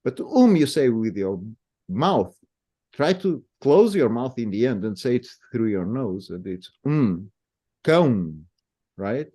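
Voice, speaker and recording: Portuguese-accented man, mellow voice. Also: mid-range voice, lively intonation. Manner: patient, demonstrates sounds slowly. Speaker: language guest explaining pronunciation. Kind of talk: explanatory conversation.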